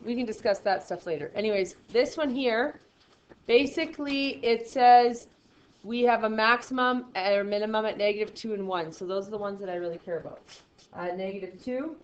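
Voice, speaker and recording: A woman's voice: medium pitch, moderate pace, muffled recording, slight background noise. A woman teaching a math lesson in a casual, encouraging way, often asking questions and answering them herself. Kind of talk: classroom lecture.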